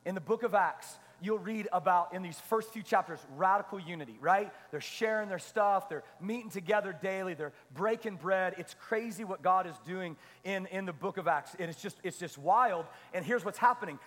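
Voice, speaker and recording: A male pastor with a high, light voice preaches with rising energy, repeating phrases and tossing questions out to the room. His voice carries a long hall reverb around it. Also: normal speed, few pauses. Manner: energetic, repetitive preaching with call-and-response questions. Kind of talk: sermon.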